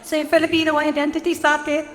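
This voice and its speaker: A woman moderating a conference panel, asking questions briskly. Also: sits high, completely flat delivery. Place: conference hall. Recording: long hall reverb, heard from afar.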